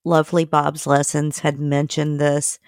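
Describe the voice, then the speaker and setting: A woman co-hosting a casual political chat, talking haltingly with many fillers. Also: low-pitched, level tone, darkish tone, no room sound, clean studio sound. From United States. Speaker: podcast co-host.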